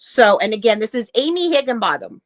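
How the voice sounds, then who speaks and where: A woman's voice: fairly high pitch, sing-song, fairly quick, no room sound. A woman co-hosting a casual talk show, ranting bluntly and swearing as she reads posts aloud. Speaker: podcast co-host. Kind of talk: casual chat.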